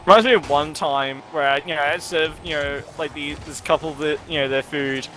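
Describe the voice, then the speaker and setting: Young guy, high and bright, telling a rambling story. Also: a little fast, a little hiss or hum. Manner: rambling, swearing, laughing storyteller. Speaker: streamer and gamer. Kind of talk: casual storytelling while gaming.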